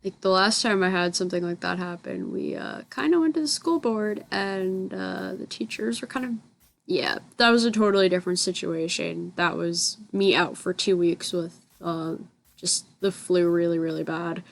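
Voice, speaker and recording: This gaming channel host is a young woman from the United States whose voice is on the low side and gravelly, at a moderate pace. Chatty and rambling, she keeps stopping to fix what she said in a casual voice-over recorded apart from the gameplay.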